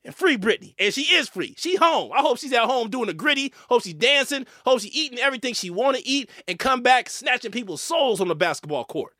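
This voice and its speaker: Animated high-pitched man ranting. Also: a little fast, few pauses, no echo, studio quality. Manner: animated, emphatic, swearing, with fillers and repeats. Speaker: host. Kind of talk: opinionated commentary rant.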